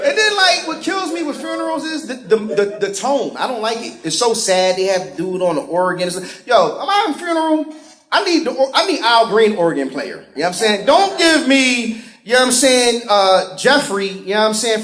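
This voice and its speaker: A man doing live stand-up comedy, profane and animated, acting out other people's voices. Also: high voice. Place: comedy stage before a laughing audience. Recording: roomy live venue with crowd laughter.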